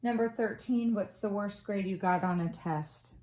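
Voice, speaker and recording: A woman's voice: mid-range voice, normal speed, a little mellow. A woman in her forties chatting casually in a crafting vlog, rambling through stories with lots of ums and uhs. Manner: rambling storyteller with many fillers. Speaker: crafting vlogger. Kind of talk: casual chat.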